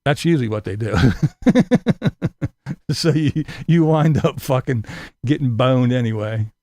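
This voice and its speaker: A man's voice: medium pitch, normal speed, a little mellow, dry recording, studio quality. A male vlogger delivering a profane, sarcastic, combative rant to camera. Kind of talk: ranting monologue to camera.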